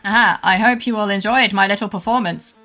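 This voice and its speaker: A woman's voice: medium pitch, brisk, pushed and bright, soft background music. A woman streamer giving playful, sarcastic commentary on a game, cursing casually.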